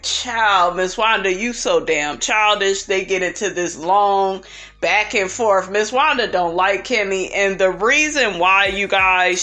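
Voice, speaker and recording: A woman's voice: mid-range voice, sharp tone. A woman recapping a reality TV episode in a sassy, opinionated gossip style, calling her listeners honey and child.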